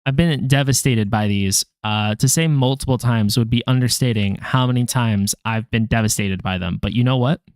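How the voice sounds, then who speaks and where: In a clean, dry studio recording, a young man vlogging about language learning talks to himself as he drills flashcards. His medium-pitched voice moves smoothly at a normal speed with few pauses. He mutters syllables one at a time, chats with viewers, and cracks self-deprecating jokes about his mistakes.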